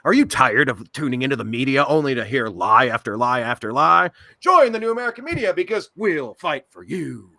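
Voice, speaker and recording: Man playing a cheesy TV lawyer announcer, punchy hard sell, bright voice. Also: medium pitch, big pitch swings, brisk, few pauses. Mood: salesy.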